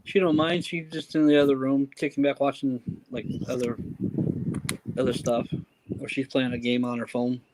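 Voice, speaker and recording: A man's voice: mid-range voice, flat delivery, normal speed, a little mellow, a little hiss or hum, poor audio. Chill guy dialing into a stream from home, mid-range voice, rambling and casual. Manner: easygoing, rambling, loose grammar. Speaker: stream regular calling in. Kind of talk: casual chat. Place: home in Hawaii.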